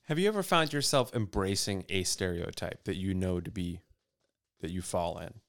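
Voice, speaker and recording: A thoughtful man asks his co-host questions in a relaxed podcast chat, sometimes stumbling over his first words. His voice is low and notably smooth and resonant. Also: normal speed. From United States. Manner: thoughtful, asks questions, stammers when starting. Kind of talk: casual conversation.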